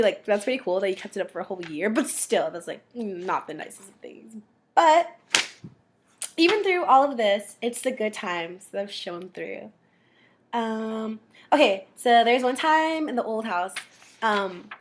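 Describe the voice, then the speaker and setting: Young woman, high voice, rambling sibling memories, giggly, filler-heavy, casual recorded message. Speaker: sibling giving a graduation message.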